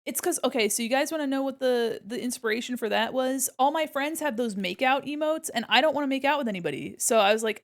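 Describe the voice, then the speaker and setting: A chatty woman streamer with a slightly high voice, talking casually to her viewers while she draws. She laughs easily and hums little tunes under her breath between remarks, speaking into a desk microphone. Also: fast talker, hardly any pauses. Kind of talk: casual chat while drawing.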